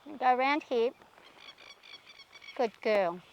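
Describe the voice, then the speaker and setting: A woman with a high voice talks while riding outdoors. She is shaky and anxious and keeps talking herself through her nerves. She speaks gently to calm her horse. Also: slow pace, smooth, dull audio. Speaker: horse rider vlogger.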